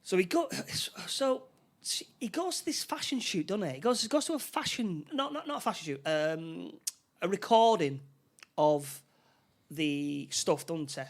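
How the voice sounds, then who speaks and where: A man co-hosting a relaxed film podcast, recapping a movie scene by scene. He rambles, restarts and repeats words as he goes. His voice sits a little on the higher side. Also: normal speed. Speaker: podcast co-host. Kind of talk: casual film chat.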